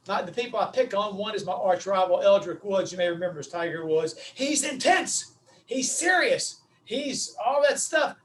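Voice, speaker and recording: A middle-aged man with a Southern US accent giving a folksy, animated webinar lecture, calling his audience his friends. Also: very high-pitched, far from the mic, a little hiss or hum, poor audio. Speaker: webinar speaker on vocal delivery.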